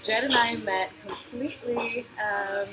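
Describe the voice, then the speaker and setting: A woman's voice: a little high, fairly even intonation, a little slow, background noise. A woman hosting a podcast interview in a cafe, enthusiastic and chatty, laughing between remarks. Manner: warm, enthusiastic, laughs often. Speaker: podcast host. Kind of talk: casual interview.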